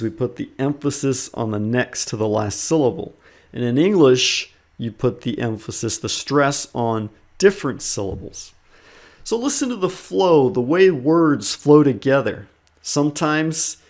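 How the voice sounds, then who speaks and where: Earnest male English teacher coaching learners. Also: mid-range voice. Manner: earnest and encouraging, explains step by step. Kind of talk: instructional talk to learners.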